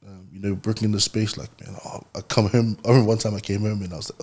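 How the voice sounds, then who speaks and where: Man, husky, lowish voice, relaxed storyteller, podcast guest. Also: racing, few pauses. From New Zealand. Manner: relaxed, storytelling, laughs often. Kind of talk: casual conversation.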